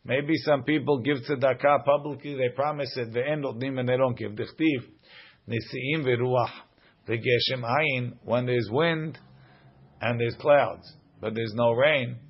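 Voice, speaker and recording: A man's voice: mid-range voice, dull audio. A man teaching a Talmud lesson, reading each Aramaic line aloud and then translating it.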